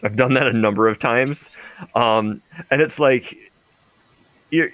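A man's voice: mid-range voice, slow pace, a bit bright, no room sound. A young man co-hosting a casual podcast, rambling and laughing often, restarting his sentences. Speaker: podcast co-host. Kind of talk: casual chat.

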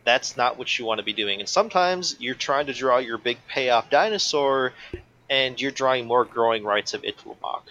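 A man's voice: medium pitch, normal speed, sharp tone, lo-fi sound. A man co-hosting a casual podcast chat, giving analytical, opinionated takes with a lot of "like". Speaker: podcast co-host. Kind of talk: casual chat about a card game.

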